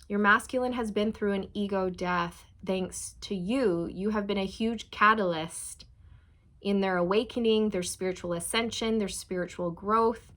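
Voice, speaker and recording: A young adult woman giving a slow, soothing channeled tarot reading, speaking straight to her viewers. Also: medium pitch, fairly bright tone. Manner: slow, soothing, spiritual, addresses viewers as you guys. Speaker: tarot reader.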